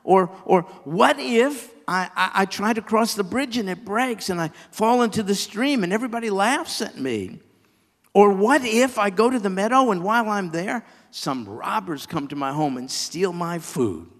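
A man's voice: sits high, lively intonation, moderate pace, big-room sound, pitched above the performer's own voice. A man voicing a worried young male moose who stammers and frets. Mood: anxious. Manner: fretful, stammering.

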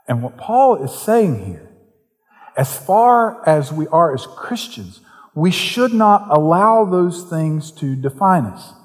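Southern pastor preaching in a reverberant hall. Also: male voice, medium pitch. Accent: softened Southern US. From Western North Carolina. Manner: conversational preaching that builds to fervent emphasis. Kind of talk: sermon.

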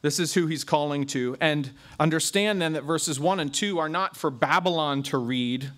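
A man with a fairly high voice preaches through a passage of scripture. He leans hard on key words and stretches them out for emphasis. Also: a bit bright. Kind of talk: expository sermon.

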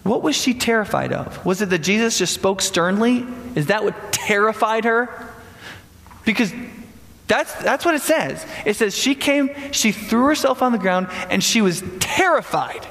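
A man delivers a sermon with a high, lively voice that jumps around in pitch. His tone has a gravelly edge, and he keeps throwing rhetorical questions at the listeners. The sound carries a long hall reverb. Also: a little slow. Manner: animated, conversational, frequent rhetorical "right?". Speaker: preacher.

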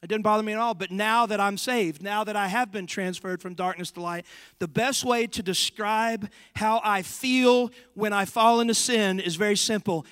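Young pastor, high ringing tone, emphatic storyteller, long hall reverb. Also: male voice, smooth. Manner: animated storyteller, emphatic and drawn-out for stress. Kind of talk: sermon. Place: church sanctuary.

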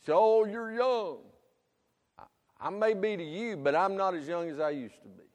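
A man, preaching a sermon with loud emphatic bursts and quieter asides. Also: a little high, a little fast, big-room sound. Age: 50s. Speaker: pastor.

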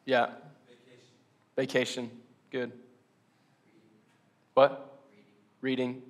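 A man's voice: medium pitch, moderate pace, sharp tone. A man preaching a casual, conversational sermon to his congregation, laughing often and asking them questions. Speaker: pastor.

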